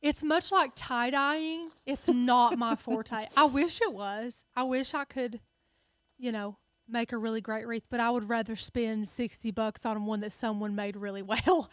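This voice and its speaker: A bubbly woman chats and jokes about herself from behind the camera. Her voice sits somewhat high, and the sound is dry and close with no room around it. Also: steady tone, a little slow, no echo. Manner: bubbly and self-deprecating. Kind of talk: casual chat.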